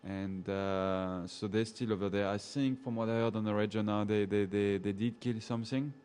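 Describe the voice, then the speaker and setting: A man with a South African accent hosting a casual live safari chat, answering viewer comments in a halting way and repeating words as he thinks. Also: fairly low pitch, steady tone, a little mellow, clean tone.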